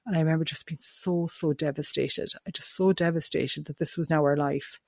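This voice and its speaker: A woman's voice: low-pitched, fairly even intonation, brisk, gravelly, darkish tone, no room sound, studio quality. An Irish woman, middle-aged, earnestly recounting a painful personal memory with many restarts and self-corrections. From Ireland. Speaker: autism support advocate. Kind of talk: personal storytelling to camera.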